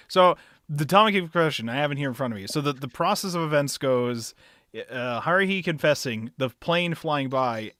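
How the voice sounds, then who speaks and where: A man hosting a casual book club chat, recapping scenes and acting out lines in a high voice, swearing now and then. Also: expressive, moderate pace, a bit bright. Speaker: podcast host.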